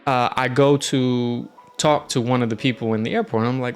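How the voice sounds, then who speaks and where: A man casually telling a travel story on his stream, animated and jumping into quoted voices. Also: medium pitch, quick pace, few pauses, soft background music.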